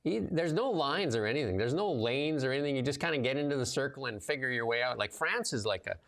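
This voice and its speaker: A man's voice: medium pitch, fast talker, gravelly. A man hosting a casual livestream chat, loose and talkative with lots of fillers as he tells stories. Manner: loose and chatty, many fillers, lively storytelling. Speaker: show host and commentator.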